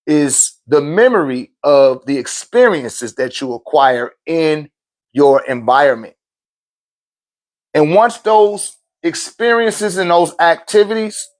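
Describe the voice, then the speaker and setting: A man in his thirties teaching spiritual ideas in a casual, animated lecture, laughing, swearing and telling stories. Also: a little high. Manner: animated, swings into loud shouted quotes; laughs often, swears, street slang.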